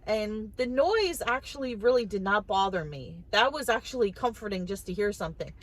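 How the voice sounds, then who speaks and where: A woman's voice: mid-range voice, expressive, normal speed, low-quality recording. A woman vlogger talking casually to the camera, telling a personal story in a chatty way, often repeating and restarting her words.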